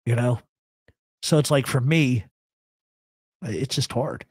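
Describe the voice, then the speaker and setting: Blunt, husky-voiced male radio host. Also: medium pitch, takes it slowly, darkish tone, no echo, clean studio sound. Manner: blunt, profane, rambling opinions. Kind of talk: live radio chat answering a chat.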